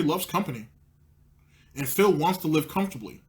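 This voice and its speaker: A man's voice: a little high, expressive, moderate pace. Sarcastic, mocking male commentary host. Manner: mocking, profane, needling.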